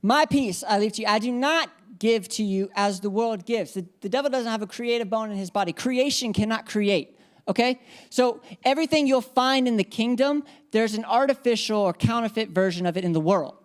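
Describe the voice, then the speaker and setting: A woman's voice: on the high side, brisk. Woman preaching an emphatic sermon. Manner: emphatic, repeats key phrases, leads congregation responses. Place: church.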